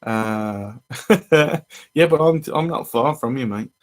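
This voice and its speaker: Brief: male host, mid-pitched voice, rambling and friendly live-stream chat. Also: lively intonation, slow pace. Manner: rambling and chatty, greeting viewers as they arrive. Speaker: fishing channel host.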